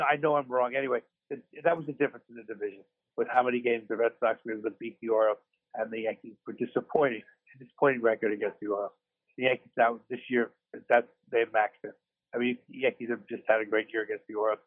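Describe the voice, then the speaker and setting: Heard on a tinny phone line, a man speaks quickly and steadily at a medium pitch as he co-hosts a casual sports podcast from a hospital room following surgery. He meanders, belittles himself and keeps starting sentences over.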